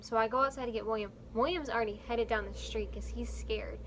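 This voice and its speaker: A woman's voice: a little high, fairly even intonation, a little fast, a bit bright, slight background noise, rough recording. A young woman vlogger earnestly telling a personal story, rambling along with fillers.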